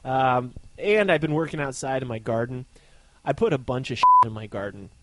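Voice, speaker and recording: A man's voice: mid-range voice, no echo. A man co-hosting a casual podcast, chatting about his allergies with a slightly sore throat. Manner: lively, quick to laugh, chatty. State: allergies, semi-sore throat, low energy. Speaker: podcast co-host. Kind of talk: casual chat.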